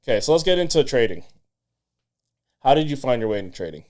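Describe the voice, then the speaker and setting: A man hosting a podcast in relaxed, conversational chat, musing aloud. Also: mid-range voice, quick pace. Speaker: podcast host.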